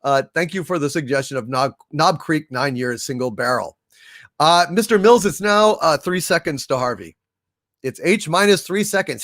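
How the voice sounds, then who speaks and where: A man's voice: fairly high pitch, expressive, normal speed, pushed and bright, no room sound, clean studio sound. A middle-aged man hosting a livestream, reading super chats and ranting with angry sarcasm and frequent swearing.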